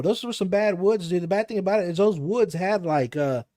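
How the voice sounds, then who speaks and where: A man's voice: high-pitched, brisk, mellow. A young man on a podcast, telling a spooky story casually with lots of fillers and swearing. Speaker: podcast co-host.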